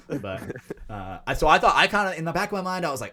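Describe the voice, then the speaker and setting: A man co-hosting a podcast, telling a long story in a casual, animated way with lots of swearing. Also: on the high side, quick pace. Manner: animated, profane, acts out quotes. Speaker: podcast co-host.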